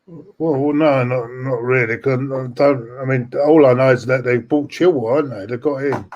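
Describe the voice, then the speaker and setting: A man's voice: mid-range voice, steady tone, moderate pace, darkish tone, muffled recording, slight background noise. A man hosting a live football watchalong, giving blunt, casual banter about the match. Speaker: main host of a football watchalong.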